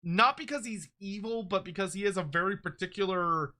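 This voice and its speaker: A man streaming a casual reaction, excitable and quick to laugh and swear. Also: high voice.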